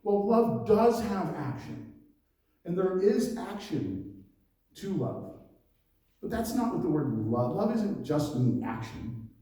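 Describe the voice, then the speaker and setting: Guy pastor giving a chatty sermon, mellow fairly high voice, big echoey church hall, mic kinda far off. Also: very animated, slow. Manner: conversational preaching with laughs and asides.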